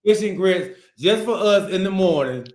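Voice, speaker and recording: Male co-host, relaxed chat, fairly high pitch, greets the audience mid-story. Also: moderate pace. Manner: laid-back, chuckling, greets viewers mid-story. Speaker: podcast co-host.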